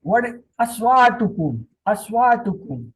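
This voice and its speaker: A man teaching a classroom Quran lesson, drilling each word slowly and repeating the meanings. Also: high-pitched, sing-song, breathy edge, rough recording. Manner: slow, repetitive, drilling word by word.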